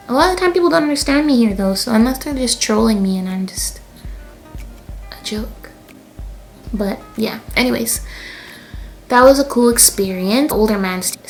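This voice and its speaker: A young woman in her twenties from Canada with a Canadian accent, chatting casually as she tells a storytime in her vlog. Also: medium pitch. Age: 20s. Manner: chatty, lots of fillers and laughs. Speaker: vlogger.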